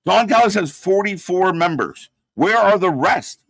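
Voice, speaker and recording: A man's voice: high-pitched, lively intonation, unhurried, creaky, fairly bright tone, dry recording. Exasperated male watch-party host. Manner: exasperated, rambling critique with frequent fillers. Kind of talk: live watch-along commentary.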